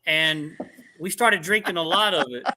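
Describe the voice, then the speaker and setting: A man's voice: on the high side, a little slow. A middle-aged man telling stories in a casual chat, laughing often as he talks. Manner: laughs often, animated storyteller. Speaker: guest in a chat.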